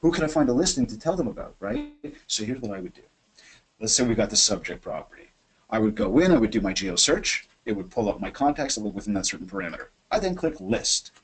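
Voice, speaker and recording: A man hosting a webinar from his office, coaching sales in an energetic, chatty way and acting out phone calls. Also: on the low side, fast talker, poor audio. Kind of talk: animated software demo and sales coaching.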